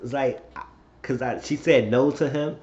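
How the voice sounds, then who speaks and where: A man's voice: medium pitch, moderate pace, a little mellow. Man, casual show recap, rambling storyteller, echoey room, dull lo-fi sound. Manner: rambling storytelling with frequent asides and profanity. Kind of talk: casual spoken episode recap.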